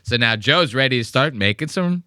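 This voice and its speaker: A man's voice: medium pitch, animated, moderate pace, sharp tone, smooth, no echo, studio quality. A man hosting a podcast, joking and rambling profanely while reacting to comedy clips. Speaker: podcast host. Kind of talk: casual reaction commentary.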